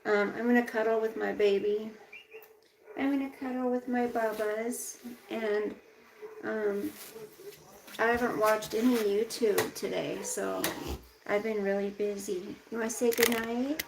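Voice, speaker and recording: A woman's voice: mid-range voice, fairly even intonation, unhurried, gravelly, background noise. A woman hosting a casual live stream at home, ranting indignantly about government and taxes, then baby-talking to her pet. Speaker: livestream host.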